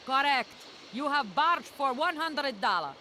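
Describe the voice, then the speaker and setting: A woman's voice: high voice, expressive, measured pace, pushed and bright, slight background noise, heavily acted. An actress voicing a haggling barge-owner woman in a video game, speaking blunt, broken English with a Russian accent. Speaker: game character.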